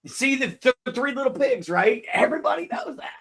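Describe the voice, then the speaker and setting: A man's voice: very high-pitched, expressive, a little fast, gravelly, fairly bright tone. A man co-hosting a talk show in a laid-back, casual way. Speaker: co-host.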